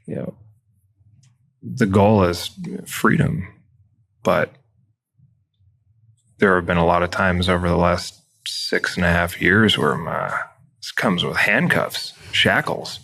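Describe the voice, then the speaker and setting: A man's voice: sits low, steady tone, unhurried, vocal fry, long pauses, fairly bright tone. A man talking candidly in a casual interview about running his business, reflective and often quoting his own thoughts. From Montana. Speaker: business owner guest.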